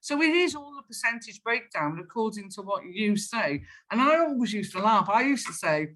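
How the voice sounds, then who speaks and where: A woman's voice: a little high, normal speed. A woman, a sales professional, chatting in an interview and acting out old phone calls as she tells them. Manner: animated storyteller, acts out phone calls. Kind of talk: casual interview chat.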